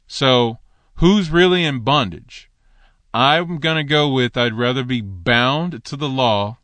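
Man, Torah teaching, conversational, animated asides, mid pitch, dry recording. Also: dry recording.

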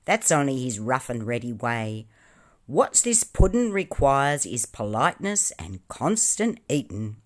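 A woman voicing a rough-and-ready male sailor with hearty, blunt, slangy talk. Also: a bass voice, very animated, measured pace, full character voice.

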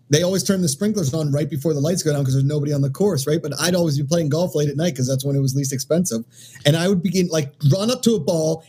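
Husky-voiced man, rambling chat host. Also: fairly high pitch, mellow. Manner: rambling, laughing, lots of fillers. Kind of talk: casual chat.

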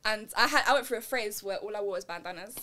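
A young woman with a London accent, telling stories in a casual podcast chat with lots of slang. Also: mid-range voice. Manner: animated storytelling, slangy, quick bursts of loud laughter. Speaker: podcast co-host.

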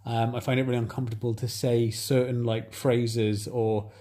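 A man in casual chat, talking in a flat, hesitant, self-reflective way with many pauses and fillers. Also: mid-range voice.

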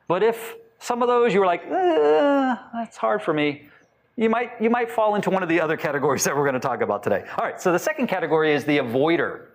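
A man giving a talk to a live audience, asking them many questions and acting out short quotes in lively voices. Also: sits high. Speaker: speaker teaching on attachment styles.

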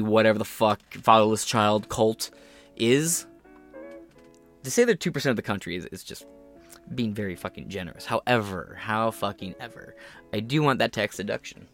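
A man's voice: lowish voice, fairly bright tone. A man hosting a podcast, giving sarcastic, profane and rambling commentary on the news. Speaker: podcast host.

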